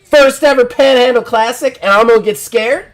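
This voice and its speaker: A man voicing a brash, boastful male pro wrestler champion who talks loudly and taunts. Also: on the high side, very animated, measured pace, full character voice.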